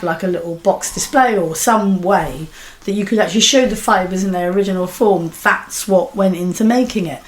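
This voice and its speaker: A woman at a middle pitch chatting on a podcast, her voice touched by a cold. She tells stories with energy and is quick to push back on her co-host. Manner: chatty, quick to protest, storytelling. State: has a cold. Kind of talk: casual chat.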